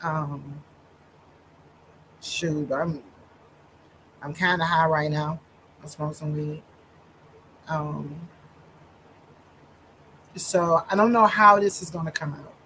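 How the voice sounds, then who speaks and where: A woman minister telling her own story in a slow, deliberate monologue with many pauses and fillers, holding back tears. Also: sits low, fairly even intonation, fairly bright tone, a little hiss or hum, poor audio.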